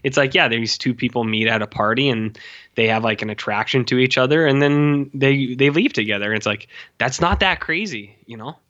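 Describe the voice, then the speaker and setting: Guy rambling thru a movie breakdown, lots of likes and ums, bright voice, kinda dull lo-fi sound. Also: medium pitch, normal speed. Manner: rambling, many fillers, animated quoting of characters. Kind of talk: casual film discussion.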